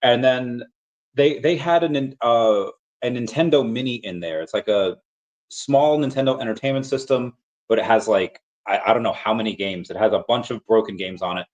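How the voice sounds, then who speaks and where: Male host, mid-pitch, chatty and rambling, talks in loose restarts. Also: moderate pace, highs cut off. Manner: rambling storyteller with frequent restarts and fillers. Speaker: crypto collectibles vlogger. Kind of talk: casual livestream chat.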